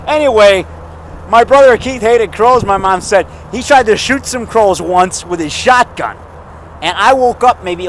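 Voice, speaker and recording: A man's voice: a little high, fairly bright tone, slight background noise, low-quality recording. A man in his fifties from the Chicago area, giving a rambling, digressive monologue in a cemetery, full of fillers and restarts, recorded on a handheld camera mic. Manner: digressive, talks in fragments with fillers and self-corrections. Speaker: vlogger. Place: outdoor cemetery.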